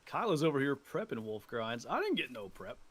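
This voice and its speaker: A man's voice: mid-range voice, big pitch swings, fairly quick, fairly bright tone. A man co-streaming a game and trading dry, teasing banter. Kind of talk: casual gaming stream chat.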